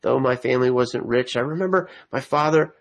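A man's voice: medium pitch, fairly quick, gravelly, rough recording. Male preacher, earnest sermon delivery that climbs into emphatic appeals. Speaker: pastor.

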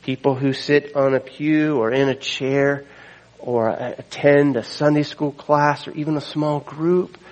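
A man's voice: fairly high pitch, steady tone, unhurried, rough recording. A man preaching a sermon as a pastor, retelling the story in a conversational way with asides to the congregation.

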